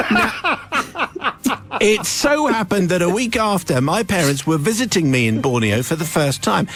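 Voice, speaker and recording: A middle-aged man hosting a radio show, reading out a listener's letter with lively storytelling. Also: fairly high pitch. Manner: lively storytelling with laughs and put-on voices. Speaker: radio host.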